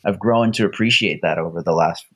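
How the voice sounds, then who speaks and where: Give me a deep-voiced man with a husky tone, speaking thoughtfully as an interview guest. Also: brisk, a bit bright. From Canada. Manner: reflective, uses vivid stage imagery. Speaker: guest, Olympic champion. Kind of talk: conversational storytelling.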